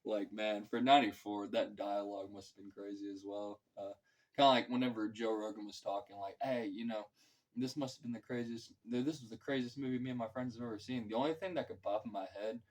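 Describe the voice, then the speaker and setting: A man's voice: on the low side, fairly even intonation, a little fast, low-quality recording. A man giving a casual, rambling film review, full of fillers and loose, profane talk. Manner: filler-heavy, loose and profane, acts out quotes. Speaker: movie reviewer.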